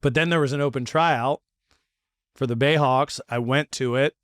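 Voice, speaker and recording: A man hosting a podcast, telling a story in a casual chat and acting out the quotes with lively energy. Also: medium pitch, normal speed, no echo, studio quality. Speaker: podcast host.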